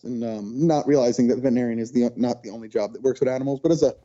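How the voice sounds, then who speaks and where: A man being interviewed on a podcast, telling childhood stories in an animated way and acting out what people said. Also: mid-range voice, fast talker, lo-fi sound. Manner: animated storyteller, acts out quotes. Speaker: podcast guest. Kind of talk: casual storytelling interview.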